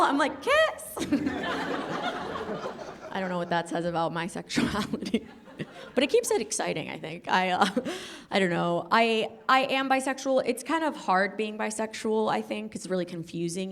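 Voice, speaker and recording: A woman's voice: medium pitch, a bit bright. A young woman from Colombia doing a brash, self-mocking stand-up set, teasing the crowd and laughing at her own jokes. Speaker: stand-up comedian. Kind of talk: stand-up set before a live audience. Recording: noisy live club sound with crowd laughter. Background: audience laughter.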